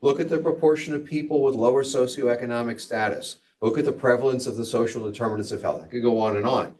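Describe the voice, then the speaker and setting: A man's voice: medium pitch, steady tone, fast talker, a little mellow, distant mic. A man giving a hospital grand rounds lecture as a physician, conversational and digressive with wry asides.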